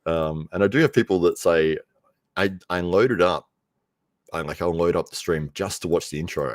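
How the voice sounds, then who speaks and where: A man's voice: low voice, measured pace, dry recording. An Australian man hosting a livestream in casual chat, laughing often and acting out voices as he tells stories. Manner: chatty, laughs often, acts out voices in anecdotes. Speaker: livestream host.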